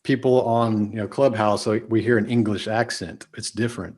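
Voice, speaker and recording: A Texan man talking on a podcast with a slightly low, husky voice. He leans hard on keywords and keeps changing his pace and loudness, going from punchy and fast to quiet and slow. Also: steady tone. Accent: Texas. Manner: emphatic, shifts speed and volume for effect. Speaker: podcast guest, business speaker. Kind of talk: casual podcast interview.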